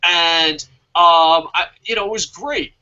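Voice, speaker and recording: A man's voice: on the high side, slow pace, pushed and bright, clean tone, muffled recording. A man hosting a casual wrestling talk show, rambling, swearing and laughing often. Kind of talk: casual podcast chat.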